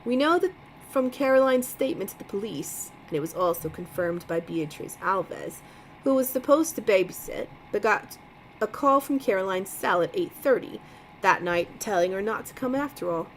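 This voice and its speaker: A steady, matter-of-fact man with a Boston accent, as a woman reading a mystery novel aloud puts him on. He delivers facts evenly at a middle pitch. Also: moderate pace, slight background noise, close to an everyday voice, poor audio.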